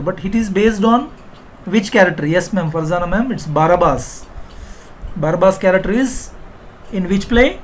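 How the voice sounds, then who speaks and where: A man with an Indian English accent teaching an online literature exam-prep class, quizzing students and pausing often with fillers. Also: high-pitched, slight background noise, rough recording.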